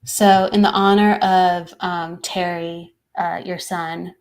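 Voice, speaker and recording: A woman's voice: fairly low pitch, little pitch movement, slow pace. A woman who works as a psychic medium, co-hosting a live-stream show in a casual, chatty way, now and then tripping over her words and laughing at herself.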